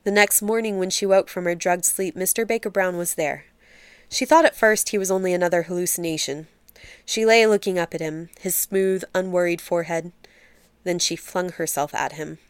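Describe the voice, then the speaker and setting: A woman reads a dark literary story aloud, measured and steady. The recording is close and dry, with no room sound around her. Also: on the low side, clear, resonant tone, no echo. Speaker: narrator. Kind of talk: literary audiobook narration.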